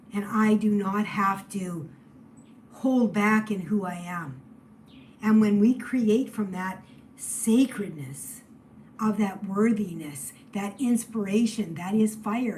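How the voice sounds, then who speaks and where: A woman giving a spiritual tarot reading, emotional and shifting between loud exclamations and hushed near-whispers. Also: mid-range voice, a little hiss or hum, poor audio. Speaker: tarot reader.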